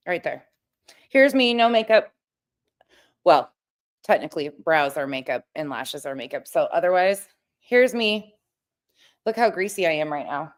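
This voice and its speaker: A woman's voice: lowish voice, animated, a little slow, long pauses. A woman hosting a casual livestream, talking bluntly with plenty of swearing. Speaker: streamer host.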